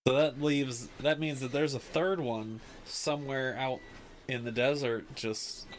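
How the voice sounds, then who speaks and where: A man's voice: mid-range voice, fairly even intonation, measured pace, a little hiss or hum, poor audio. A man hosting a podcast, recapping casually with lots of fillers. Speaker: podcast host. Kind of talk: casual chat.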